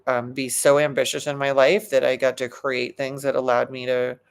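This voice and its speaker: Gravelly low-voiced woman giving emphatic advice. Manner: earnest, emphatic, with frequent restarts and fillers. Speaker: psychologist and success coach. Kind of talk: motivational talk to camera.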